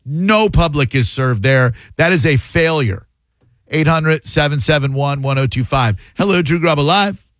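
A man's voice: fairly high pitch, moderate pace, a bit bright, no room sound. A man hosting a radio call-in show, giving blunt opinions and joking with callers into a studio microphone. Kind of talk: talk radio commentary.

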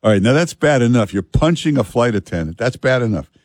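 A man hosting a talk radio show, chatting in a relaxed, halting way with many fillers and reading live ads. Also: medium pitch, dry recording, clean studio sound. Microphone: studio microphone.

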